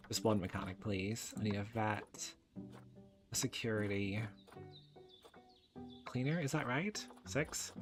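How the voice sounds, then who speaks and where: A man giving casual game commentary, chatting through each step and talking fondly to the animals on screen. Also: lowish voice. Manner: chatty, narrates his own clicks and talks fondly to the animals. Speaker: gaming YouTuber. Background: game background music.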